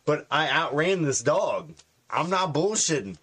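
A man in his forties, a podcast co-host telling profane, animated stories in casual comedic chat. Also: a little high, unhurried. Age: 40s.

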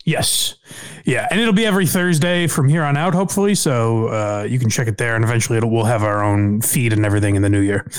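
A man hosting a podcast in casual chat, hesitant, with many fillers and sudden upward pitch jumps. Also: fast, clear, resonant tone, no echo. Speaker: podcast host.

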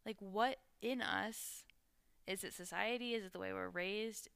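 A woman's voice: mid-range voice, unhurried, vocal fry, a bit bright, clear, resonant tone, dry recording. A woman reflecting openly on her relationship in a candid conversation among friends, speaking in a vulnerable way with many "like" fillers. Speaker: podcast guest.

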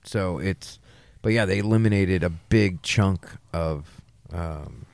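A man's voice: low-pitched, slow, creaky, no echo. A man co-hosting a podcast in casual chat, easygoing and asking the others questions. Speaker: podcast co-host.

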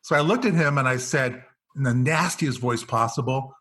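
A man's voice: mid-range voice, moderate pace, fairly bright tone, slightly rough. A middle-aged man, an executive coach, telling stories in a podcast interview and acting out the dialogue in them. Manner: storyteller, acts out quoted dialogue.

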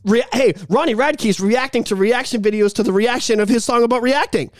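Podcast co-host, man, high-pitched, animated, swears, dry close sound. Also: brisk, dry recording. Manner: animated, swearing, acts out loud shouted bits. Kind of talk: casual chat. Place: small home studio.

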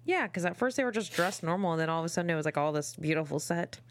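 Lively young woman, lower-pitched voice. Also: racing, a little hiss or hum. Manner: animated, acts out scenes in goofy voices. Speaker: podcast co-host. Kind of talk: casual movie chat.

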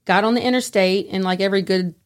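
A woman's voice: medium pitch, fast. A woman, co-hosting a crime podcast in a chatty, joking way. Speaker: podcast co-host. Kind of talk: casual chat and news reading.

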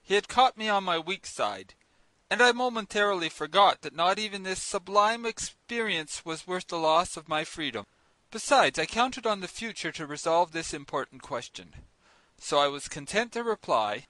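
High-voiced man narrating an audiobook. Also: expressive, moderate pace, pushed and bright, no echo. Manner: formal, earnest, first-person telling. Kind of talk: scripted narration of a classic novel.

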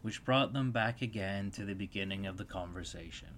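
A man reading a storybook aloud as narrator, steady and even. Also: sits low, fairly quick, a little hiss or hum.

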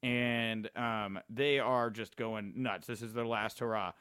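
A man hosting a podcast, telling a story in a casual, excitable way and laughing often. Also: mid-range voice, takes it slowly, smooth, no room sound, studio quality. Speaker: podcast host.

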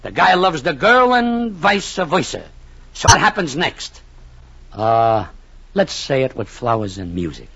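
A man's voice: on the high side, sing-song, a little slow, fairly bright tone. Mock-pompous old-time radio comic narrator, man. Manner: mock-pompous and long-winded, with grand phrasing. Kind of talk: 1940s radio comedy monologue. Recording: dull old radio recording.

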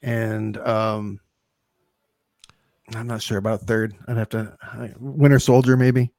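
Gravelly-voiced man in a joking chat. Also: fairly low pitch, little pitch movement, a little slow, a little mellow, no echo. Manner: joking, laughs often, swears casually. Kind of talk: casual movie discussion.

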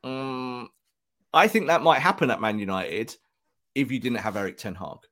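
A man co-hosting a casual football podcast, talking on a microphone and often putting on quick voices for imagined remarks. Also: medium pitch, fairly bright tone. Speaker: podcast co-host.

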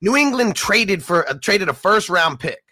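A man's voice: high-pitched, lively intonation, moderate pace, bright, forceful tone, no echo. A man hosting a casual fantasy football show, chatty and full of stats and fillers. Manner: chatty, stat-heavy, filler-laden. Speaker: fantasy football podcast host. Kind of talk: casual sports chat.

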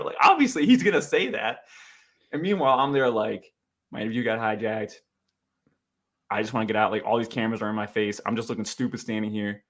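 A young man co-hosting a podcast, telling a self-deprecating story in a rambling, animated way with lots of filler words. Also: medium pitch, fast. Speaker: podcast co-host. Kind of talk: casual storytelling chat.

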